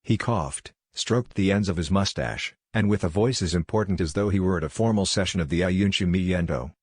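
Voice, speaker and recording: Deep-voiced man reading an audiobook. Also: moderate pace, darkish tone, slightly rough, dry recording, clean studio sound. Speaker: audiobook narrator. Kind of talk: scripted audiobook narration.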